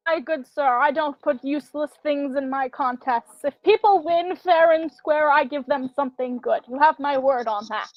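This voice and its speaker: A fretful, polite shopkeeper man , as a woman puts him on, in a high, close, dry voice. He pleads with an anxious edge in a tabletop game. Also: moderate pace, few pauses, dry recording, lo-fi sound, faint music behind, natural voice. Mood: reassuring. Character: nervous male shopkeeper running a contest.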